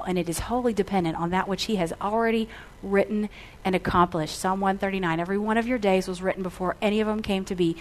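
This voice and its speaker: A middle-aged woman delivering a storytelling sermon, animating the dialogue as she recounts it. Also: medium pitch. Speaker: speaker.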